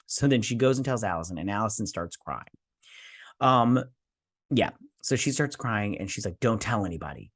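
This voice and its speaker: A man's voice: fairly low pitch, animated, moderate pace, a bit bright, dry recording, clean studio sound. A man hosting a TV review channel, talking casually to his viewers with lots of fillers and self-corrections. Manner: chatty, addresses viewers directly. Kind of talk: casual spoken episode review.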